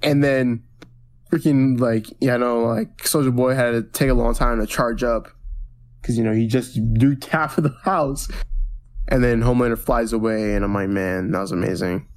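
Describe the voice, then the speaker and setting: Male podcast co-host, mid-pitched, loose rambling recap style with lots of restarts. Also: steady tone, normal speed. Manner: rambling recaps with many restarts and acted-out quotes. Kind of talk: casual pop-culture podcast chat.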